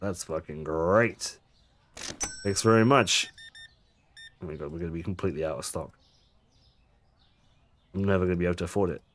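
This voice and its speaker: A man's voice: deep voice, moderate pace, pauses often, a little hiss or hum. A man casually commenting on his gameplay, chatty and jokey, swearing now and then and making asides to his viewers. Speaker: gaming streamer.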